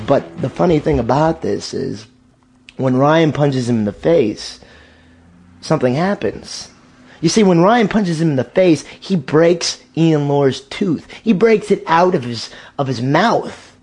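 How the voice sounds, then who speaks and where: A man's voice: fairly high pitch, animated, a little slow, darkish tone, breathy edge. A young man telling a casual anecdote, repeating himself and tossing "man" into nearly every sentence. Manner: peppers speech with "man", repeats and restarts phrases. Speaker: storyteller.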